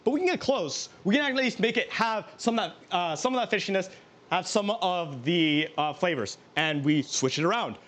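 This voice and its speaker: A man's voice: high-pitched, expressive, moderate pace, a bit bright. A man who streams himself cooking, chatting casually in a rambling, self-mocking way and laughing often. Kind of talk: casual live-stream chat while cooking.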